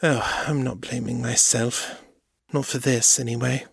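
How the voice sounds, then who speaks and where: A man's voice: mid-range voice, flat delivery, measured pace, gravelly, husky, no echo, studio quality, exaggerated voice. A man voicing a young leopard woman in an audiobook, her voice quavering but composed. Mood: hollow. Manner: voice quavering, hollow and small. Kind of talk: audiobook character voice.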